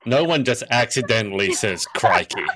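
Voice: mid-range voice, normal speed, dry recording. An Australian podcast co-host in casual chat, teasing and joking over a video call. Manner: teasing, animated mimicry of slang.

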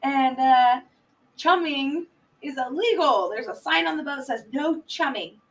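A woman's voice: sits high, a little slow, recorded from a distance, poor audio. A woman chatting casually on a podcast, rambling through a movie plot and swearing freely. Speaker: podcast co-host. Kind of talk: casual chat recapping a movie.

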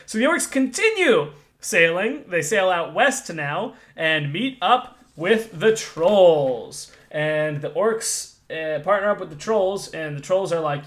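A man's voice: on the high side, animated, unhurried, fairly bright tone. A man recapping a fantasy campaign in casual chat, rambling, with many fillers and self-corrections. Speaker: game master recapping a campaign.

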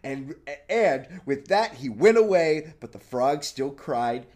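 A young man hosting a casual comedy podcast, reading a fairy tale aloud and shouting exaggerated voices for the characters and animals. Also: a little high, takes it slowly, hardly any pauses.

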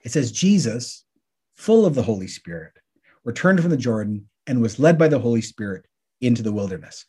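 A man co-hosts a podcast, walking through Bible passages in a relaxed, conversational teaching style. His voice is husky and mellow, with a soft, warm tone. He keeps it lively by voicing the questions his listeners might ask. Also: mid-range voice, a little fast. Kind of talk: casual Bible teaching chat.

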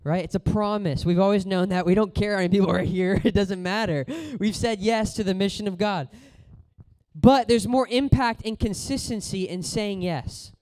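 Male preacher, high smooth voice, chatty sermon delivery with loud and quiet swings. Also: normal speed. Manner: casual, conversational preaching with storytelling; voice rises and falls between loud exhortation and quiet storytelling.

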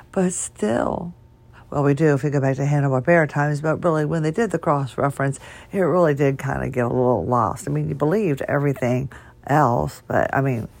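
A woman's voice: sits low, creaky, darkish tone. A woman hosting her own podcast from her bed, talking in a wandering, tangent-prone way and chuckling now and then, her voice weak and strained as she struggles to speak. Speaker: podcast host. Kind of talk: rambling solo podcast talk. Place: in bed at home.

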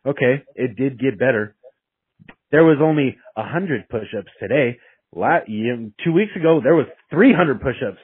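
A man's voice: mid-range voice, expressive, moderate pace, husky, no echo. A young man casually telling a story with heavy swearing, rambling and restarting his sentences, heard over a dry, tinny, phone-like recording.

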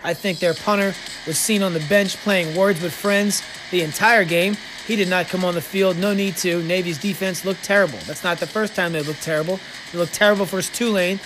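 A man hosting a podcast, giving sports betting picks in a casual, sarcastic way with quick joking asides. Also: high-pitched, steady tone, music in the background.

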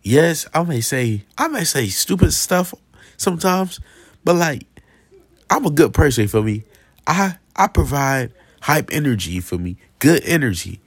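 A young man rants to his audience in a casual vlog, slangy and aggrieved, circling back to the same points. His voice is husky and his pitch jumps all over the place. The sound is dry and close. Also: very animated, unhurried, no room sound. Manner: slangy, repetitive, aggrieved, keeps asking "you feel me". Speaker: vlogger. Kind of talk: casual straight-to-camera rant.

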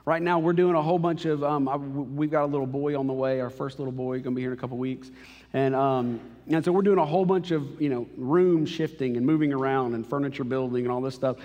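A man's voice: mid-range voice, fairly even intonation, fast talker, a little mellow, muffled recording. A man in his thirties, a pastor, preaching a conversational and emotional sermon in a church auditorium. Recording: reverberant hall.

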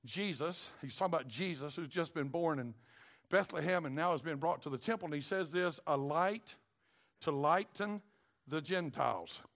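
A middle-aged man preaching a sermon, dropping low and quiet for serious points and climbing into shouts on key phrases. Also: moderate pace, vocal fry. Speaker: pastor.

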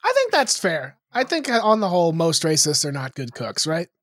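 A woman's voice: lowish voice, huge pitch swings, normal speed. A woman in casual chat, laughing often while giving feedback.

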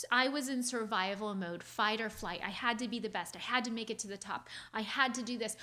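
A woman sharing a painful childhood story with her audience in an earnest, confiding way, talking quickly and restarting her phrases as she speaks. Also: a little high, pushed and bright. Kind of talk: heartfelt personal storytelling.

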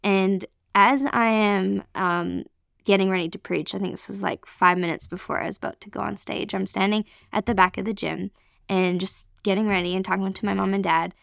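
Podcast guest: a woman from Canada, earnest and excited, with a creaky voice. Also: medium pitch, normal speed, no echo, clean studio sound. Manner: earnest, excited storytelling with many fillers. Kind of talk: emotional personal testimony.

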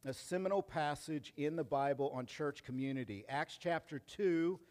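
A man preaching a sermon as pastor, reading scripture quietly and then driving his points home loudly. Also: a little high, moderate pace, long reverb tail. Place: church sanctuary.

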